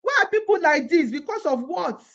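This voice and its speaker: A Nigerian woman, an activist vlogger, delivers an impassioned monologue of pleading and protest, peppered with rhetorical questions. She speaks in a very high-pitched, expressive voice, a little fast, and the phone audio is dull and lo-fi.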